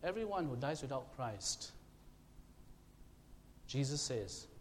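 A man preaching a sermon, emphatic and questioning his congregation, now and then shouting to make a point. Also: mid-range voice, sing-song, slow pace. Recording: long hall reverb, faint room noise.

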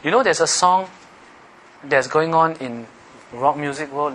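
A man preaching a sermon, animated, teasing the congregation with questions and laughing. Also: on the high side, measured pace, a little hiss or hum, poor audio. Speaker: pastor.

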